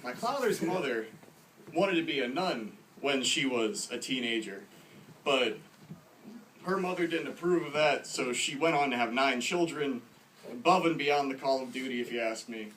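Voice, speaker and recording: A man's voice: mid-range voice, expressive, normal speed, a bit bright, a little hiss or hum, low-quality recording. A man in his twenties telling casual, self-deprecating stories at a stand-up open mic in a small bar. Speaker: first-time stand-up comedian. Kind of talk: stand-up comedy.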